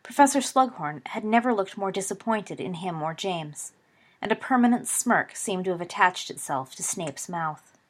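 A woman reading fan fiction aloud as an audiobook, in a steady storytelling manner. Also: mid-range voice, moderate pace. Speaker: audiobook reader.

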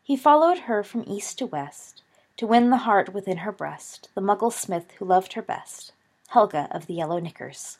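A woman's voice: on the high side, very animated, moderate pace, pitched above the performer's own voice. A woman voicing a boisterous young wizard who likes to lecture younger boys, in an audiobook. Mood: hearty. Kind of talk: audiobook character voice.

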